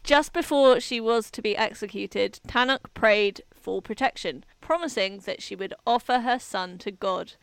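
A woman's voice: mid-range voice, normal speed, gravelly, few pauses, clean tone, no echo. A woman co-hosting a podcast, telling a saint's legend in a casual, jokey way with lots of laughing. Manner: giggly, jokey storytelling. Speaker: podcast co-host.

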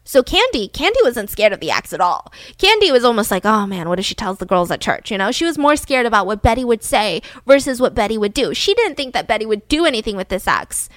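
Woman podcast host, casual true-crime storytelling, slightly high voice, dry close sound. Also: big pitch swings, fairly quick, few pauses, no room sound. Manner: chatty, with fillers like "like" and "you know".

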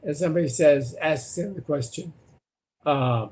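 An older man, a former political candidate, recounting debate stories as a guest in an animated way, often repeating words. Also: on the high side, normal speed. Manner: animated, repeats words and restarts, acts out quotes. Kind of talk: anecdotal storytelling in conversation.

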